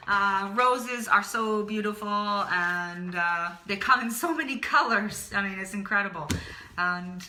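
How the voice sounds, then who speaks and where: Talking as she draws, a female art teacher leads a chatty, encouraging lesson, murmuring words back to herself along the way. She speaks at a measured pace in a bright, forceful mid-pitched voice; the sound is roomy with a faint hiss or hum.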